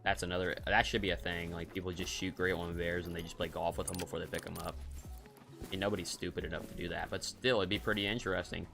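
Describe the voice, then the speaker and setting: A man's voice: deep voice, level tone, quick pace, vocal fry, pushed and bright, soft background music. A man streaming a hunting game, giving casual, rambling commentary and cracking jokes as he thinks aloud.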